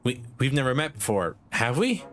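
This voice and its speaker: A man's voice: medium pitch, sing-song, moderate pace, a bit bright, a little hiss or hum. A man voicing a polite, earnest young prince in a slightly raised, eager voice.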